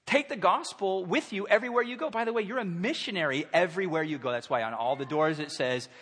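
A man in his thirties preaching a sermon in a church, conversational and animated, acting out quotes. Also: sits high, fast talker, husky. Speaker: pastor. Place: church sanctuary. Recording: long hall reverb.

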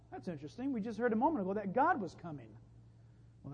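A man preaching a sermon as pastor, animated and punchy, with emphatic rises and wry jokes. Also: sits high, fast talker, breathy edge. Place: church sanctuary. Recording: lo-fi, dull, long reverb from a church hall.

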